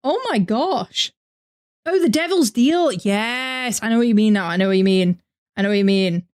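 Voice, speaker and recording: A woman's voice: a little high, lively intonation, normal speed, darkish tone. A young woman with a northern English accent, chatting animatedly on a live reaction stream and answering her chat. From north of England. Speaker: VTuber streamer.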